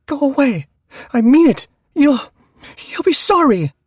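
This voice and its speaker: A man's voice: mid-range voice, very animated, brisk, vocal fry, darkish tone, slightly rough, dry recording, clean studio sound, exaggerated voice. A man voicing a bossy big-sister girl. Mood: panicked shouting. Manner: bossy, threatening.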